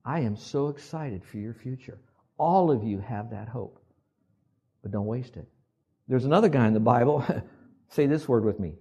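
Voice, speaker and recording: Older male pastor, husky voice, acts out quotes, call-and-response sermon. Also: mid-range voice, moderate pace, pauses often. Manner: animated, acts out quoted voices, asks the congregation to repeat.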